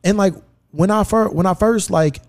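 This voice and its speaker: Speaking at a moderate pace in a voice that sits high, a man hosting a podcast in the studio spins a story through casual, cursing-heavy talk, animatedly performing the dialogue he quotes.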